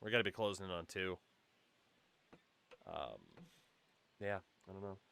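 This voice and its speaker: A man streaming a baseball video game, chatting casually with wry, profane remarks and sudden loud cheers. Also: low voice, unhurried, creaky, smooth. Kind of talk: casual gaming chat.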